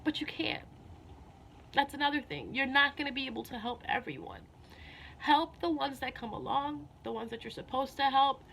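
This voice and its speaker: Earnest woman with a high voice. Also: animated, moderate pace, vocal fry, a bit bright, slight background noise. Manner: earnest, repeats herself, many "you know"s. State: a little emotional. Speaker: spiritual vlogger. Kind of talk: casual heartfelt talk to camera.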